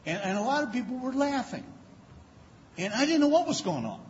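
A man spins humorous stories from the podium, his pitch swinging up and down, and he often stammers and restarts a phrase. The recording is dull and lo-fi, and his voice rings with the long reverb of a big hall. A faint hiss sits underneath. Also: a little fast. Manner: humorous, animated anecdotes with frequent stammered restarts. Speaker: speaker giving a lecture. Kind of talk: storytelling speech.

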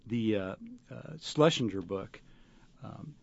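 A man, an actor, answering interview questions in a halting way, with many fillers and restarts. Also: on the low side, gravelly, a little mellow. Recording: dull lo-fi radio recording.

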